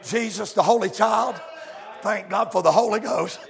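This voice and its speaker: A male preacher, shouting and chanting a fiery revival sermon in a church, with calls to the congregation. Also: high-pitched, moderate pace, vocal fry, a crowd in the background. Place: church sanctuary. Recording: echoey sanctuary with long reverb.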